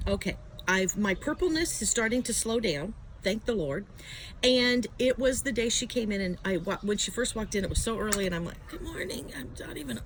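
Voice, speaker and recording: A woman's voice: a little high, a bit bright, slight background noise, rough recording. A woman telling a chatty, self-mocking story to camera, filmed outdoors on a handheld phone. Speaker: vlogger. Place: outdoors at home, letting dogs out. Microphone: handheld phone, no tripod.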